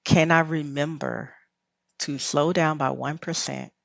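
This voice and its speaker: A woman's voice: low-pitched, fairly even intonation, a little slow, creaky, no echo. A woman with a Southern US drawl, a rest teacher and podcast guest, talking in a reflective, guiding way and laughing often. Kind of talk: podcast conversation.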